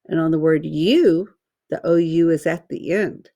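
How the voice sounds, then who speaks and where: Sounding out each letter and syllable, a female teacher gives children a slow, deliberate phonics lesson. She has a deep, gravelly, mellow voice.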